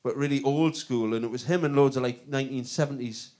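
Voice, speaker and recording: A man's voice: mid-range voice, quick pace, dark tone. A man with a Northern English accent telling rambling comic anecdotes in a casual chat, often breaking into laughter. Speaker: comedian guest.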